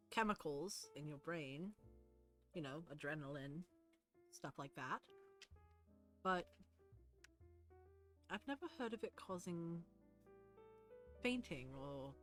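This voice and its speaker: A woman voicing a thoughtful male parental character who muses calmly and sounds puzzled. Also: low-pitched.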